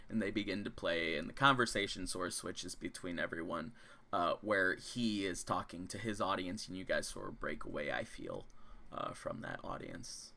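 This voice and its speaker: Casual, meandering game master; bright, lively delivery. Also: low-pitched, creaky. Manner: rambling and casual, many fillers. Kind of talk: narrating a tabletop game.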